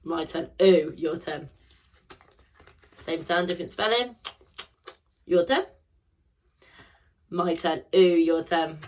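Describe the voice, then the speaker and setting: A woman's voice: lowish voice, slow pace, long pauses, a little mellow. A young woman teaching a phonics lesson to children, drilling sounds in call and response and praising each answer.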